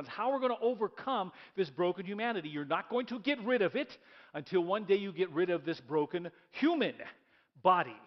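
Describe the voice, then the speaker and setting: A man preaching a sermon in a church, lively and repeating key lines as he leads the congregation in reading aloud. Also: high voice, muffled recording. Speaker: pastor.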